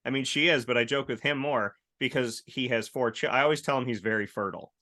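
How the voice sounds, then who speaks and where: Guy hosting a chat show, bright punchy voice, tells stories all animated. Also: mid-range voice, fast. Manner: animated storyteller, acts out quoted voices. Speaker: host. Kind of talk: casual chat.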